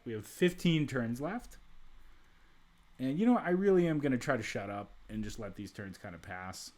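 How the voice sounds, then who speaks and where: Thinking aloud over a strategy game, this man narrates a relaxed let's-play full of restarts and side comments. His voice is medium in pitch with a darkish color.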